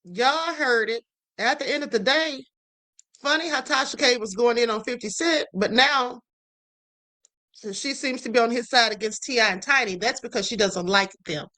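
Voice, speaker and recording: Her voice is a little high and bright with a forceful tone, at a moderate pace, and the audio is poor. She hosts a livestream, giving sassy, casual celebrity-gossip commentary and regularly tagging lines with "okay?" and "honey."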